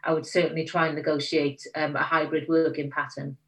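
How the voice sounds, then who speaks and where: A woman in her forties from Wales with a Valleys Welsh accent, frank and lively as an interview guest. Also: deep voice, brisk, recorded from a distance, rough recording. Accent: South Wales Valleys Welsh. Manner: frank, lively, self-deprecating. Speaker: magazine editor, podcast guest. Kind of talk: casual interview chat.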